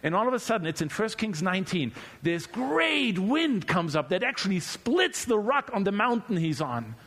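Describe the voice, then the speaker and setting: A male preacher delivering a relaxed, humorous sermon who often repeats words as he speaks off the cuff. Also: sits high, normal speed, breathy edge. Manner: conversational and humorous, repeats words while searching.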